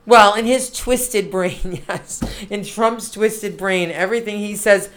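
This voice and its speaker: A middle-aged woman co-hosting a podcast, talking in an animated, emphatic, casual way. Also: medium pitch. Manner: animated, emphatic, quick asides. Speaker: podcast co-host. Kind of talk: casual political chat.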